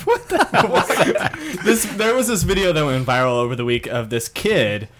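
A man's voice: medium pitch, big pitch swings, fairly quick, heavy background noise. A man from Tennessee with a Southern accent, chatting casually as a podcast co-host and telling a loose, laughing story. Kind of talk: casual chat.

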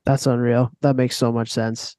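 A man's voice: medium pitch, level tone, moderate pace, a little mellow, dry recording, clean studio sound. A man co-hosting a podcast, asking questions in an enthusiastic, casual way with slang. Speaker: podcast co-host.

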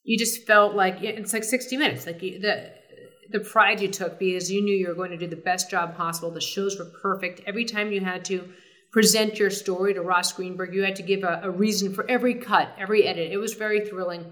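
A middle-aged woman, a sportscaster guest, telling stories in a casual interview, animated and full of fillers and restarts. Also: mid-range voice, fairly quick.

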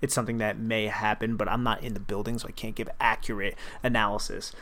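A man's voice: lowish voice, little pitch movement, fast talker, fairly bright tone. Blunt, laid-back male podcast co-host. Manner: laid-back, blunt, defensive when teased. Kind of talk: casual podcast chat.

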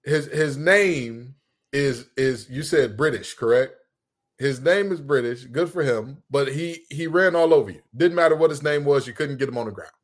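A man co-hosting a casual sports podcast, joking and trash-talking in an animated, playful way. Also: mid-range voice, moderate pace. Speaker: podcast co-host.

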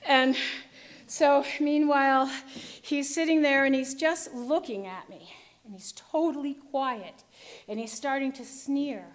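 A woman with a high, light voice tells a personal story with vivid drama. She moves from hushed tension to loud outbursts as she relives it. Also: measured pace. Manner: vivid, dramatic retelling, shifting between hushed and shouting.

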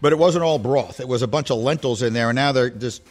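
A man's voice: medium pitch, quick pace, soft background music. A man hosting a sports talk podcast, chatting casually and rambling a little, sounding slightly congested. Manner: chatty, self-deprecating, rambling.

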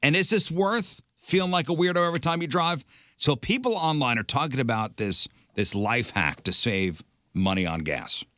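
Guy on a morning radio show reading news bits, pitch bouncing all over, dry mic. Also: lively intonation, moderate pace, sharp tone, no room sound. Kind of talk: casual radio talk show banter.

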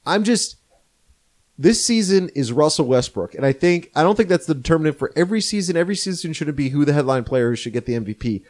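A man's voice: on the high side, animated, quick pace, darkish tone. A man co-hosting a casual sports podcast, earnest and strongly opinionated. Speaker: podcast co-host. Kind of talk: casual chat.

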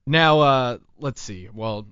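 A man's voice: mid-range voice, slow pace, fairly bright tone, clean tone, no room sound, dull audio. A man hosting a casual talk show, telling rambling stories with plenty of restarts. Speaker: podcast host. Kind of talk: casual chat.

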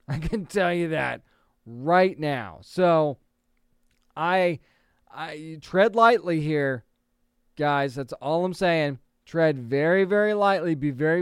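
A man in his thirties hosting an entertainment news show, chatting casually and opinionated, with an animated delivery. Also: on the high side, clear, resonant tone, no room sound, studio quality. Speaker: podcast host.

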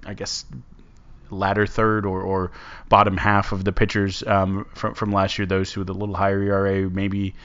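A man hosting a casual sports podcast, talking in a rambling, halting way. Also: low voice, completely flat delivery, fairly bright tone, smooth. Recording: dull lo-fi sound.

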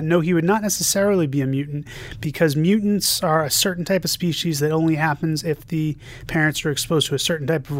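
A man's voice: on the high side, dry recording. A man co-hosting a podcast, reading listener messages aloud and joking about them in casual chat. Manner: jokey, reads quotes aloud with playful emphasis. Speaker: podcast co-host.

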